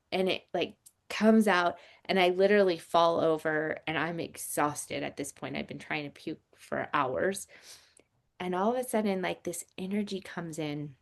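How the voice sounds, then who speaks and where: Woman in her 40s, low gravelly voice, chatty animated storyteller. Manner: animated, vivid storytelling with frequent fillers. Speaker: podcast guest. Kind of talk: casual storytelling.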